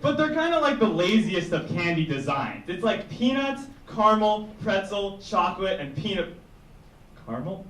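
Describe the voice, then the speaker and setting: High-pitched young guy doing stand-up, chuckles a lot, heard from far in an echoey room. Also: big pitch swings, normal speed, a bit bright. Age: young adult. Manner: rambling, chuckles through his own jokes. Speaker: stand-up comedian. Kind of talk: stand-up set. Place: small indoor comedy room with audience. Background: audience laughter.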